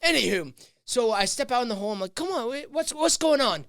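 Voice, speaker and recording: High-voiced, animated male teacher telling stories. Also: a little fast. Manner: animated storyteller, acts out voices. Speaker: podcast guest. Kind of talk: casual chat.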